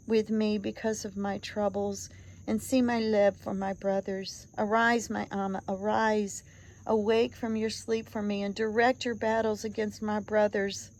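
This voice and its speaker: A woman's voice: medium pitch, darkish tone, lightly acted. A woman voicing a grieving young man who cries and pleads at his mother's grave in a storybook reading. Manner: pleading, tearful, lamenting.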